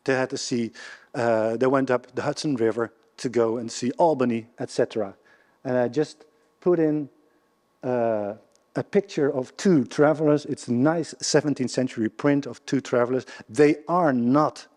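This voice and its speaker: A man with a Dutch accent gives a history talk to a live audience, often restarting his sentences and checking with the listeners. His voice is mellow and dark, at an ordinary male pitch. The lecture hall adds a long reverb. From Netherlands. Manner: halting, with many restarts and questions to the audience. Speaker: guest lecturer.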